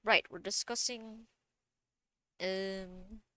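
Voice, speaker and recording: A woman at a mid pitch talks through a casual recorded lesson, correcting her own wording and wandering off topic. She makes self-deprecating asides as she goes. The sound is dry and close, with no room echo. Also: steady tone, drawn-out words, fairly bright tone. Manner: chatty, digressive and self-correcting. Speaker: student presenter explaining physiotherapy techniques.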